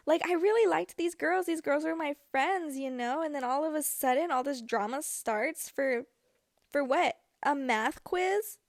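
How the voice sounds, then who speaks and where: A woman's voice: high voice, a little slow, no echo, studio quality. Chatty young woman telling a story. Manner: chatty, filler-heavy, animated retelling. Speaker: podcast host. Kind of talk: casual storytelling.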